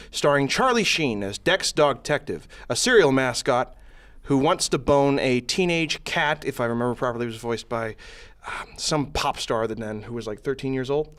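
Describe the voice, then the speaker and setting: A young male student debater giving a sardonic, joking pitch against a film. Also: a bit bright. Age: young adult. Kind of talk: comic argument.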